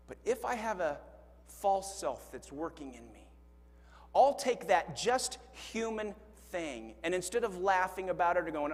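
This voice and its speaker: A man's voice: high voice, unhurried. A man preaching a sermon as pastor, telling funny stories with acted-out quotes and poking fun at himself. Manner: animated storytelling with acted-out quotes; self-deprecating humor. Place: church sanctuary. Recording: long hall reverb. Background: congregation laughing.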